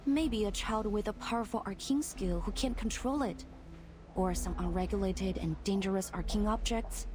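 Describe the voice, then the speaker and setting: A composed investigator reasoning through a mystery, played by a woman in a video game. Her mid-pitched voice stays calm and measured. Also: noisy background, natural voice. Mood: pondering. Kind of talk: game voice acting.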